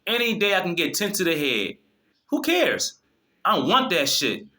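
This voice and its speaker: A man's voice: high voice, sing-song, moderate pace, pushed and bright. A man delivering an impassioned, preachy monologue to his viewers, swearing freely and often restarting his sentences. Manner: fervent, preachy, profane, many restarts. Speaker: video host.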